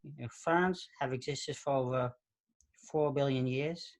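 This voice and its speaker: A woman's voice: extremely low pitch, measured pace, a little mellow. A woman voicing a man with a thick New York accent who narrates a science museum recording in a chatty, offhand way.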